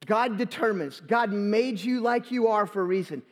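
During a live Sunday church service, a pastor with a high voice preaches at a moderate pace into a handheld or stand microphone. He restarts words as he goes and repeats phrases for emphasis.

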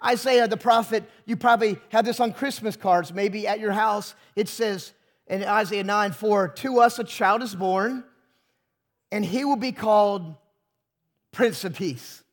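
A man's voice: sits high, unhurried. A pastor preaching a sermon to his congregation, emphatic and full of rhetorical questions.

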